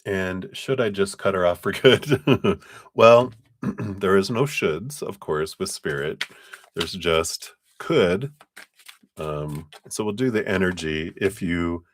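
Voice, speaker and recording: A man doing a casual live tarot reading, chatty and loose in his phrasing, often breaking into laughter. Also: sits low. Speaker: tarot reader on a live stream.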